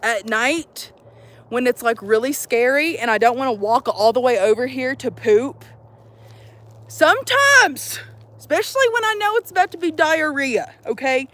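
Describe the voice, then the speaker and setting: Animated, high-voiced young woman vlogging outdoors. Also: moderate pace. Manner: animated, profane, jokey. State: out of breath. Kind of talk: casual chat to camera. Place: outdoors at a campsite.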